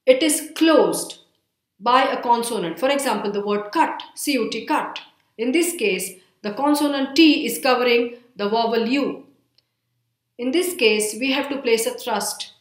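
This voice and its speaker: Woman lecturer in an echoey room. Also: a little high. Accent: Indian English. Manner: slow, deliberate, spelling words out letter by letter. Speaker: English lecturer. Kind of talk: recorded online lecture.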